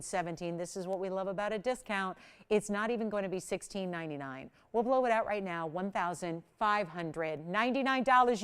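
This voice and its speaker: A woman hosting a live jewelry sales show, talking fast and chatty with bursts of excitement. Her voice sits a little high and comes through smooth and clear. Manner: chatty, upbeat selling patter with bursts of excitement. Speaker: shopping channel jewelry host. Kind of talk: live home shopping presentation.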